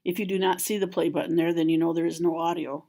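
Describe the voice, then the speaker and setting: A woman with a fairly low voice gives a screen-recorded software tutorial. She explains each step calmly and plainly, like a school library trainer talking viewers through clicks and menus. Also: quick pace, vocal fry.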